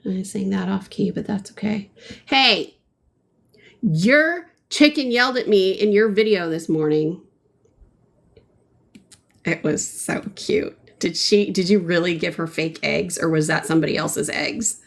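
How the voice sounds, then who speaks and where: A woman's voice: fairly low pitch, measured pace, gravelly, long pauses. A woman chatting playfully with her viewers, answering their comments as she paints on a livestream. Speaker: livestream host. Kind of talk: casual chat while painting live.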